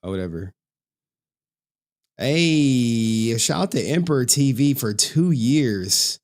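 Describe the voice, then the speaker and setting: A man's voice: medium pitch, expressive, takes it slowly, darkish tone. A man chatting casually as a streamer, laid-back and talkative while reacting to a video.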